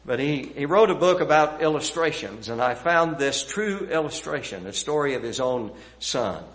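Middle-aged male preacher, earnest sermon delivery, emphatic builds, soft hushed phrase endings. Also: on the high side, animated, moderate pace.

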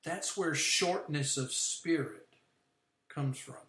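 Guy explaining bible verses on a stream, slightly high voice, roomy echo. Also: bright, forceful tone. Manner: explanatory, unpacks word meanings slowly. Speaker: Bible teacher. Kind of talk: livestreamed Bible study. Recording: echoey room.

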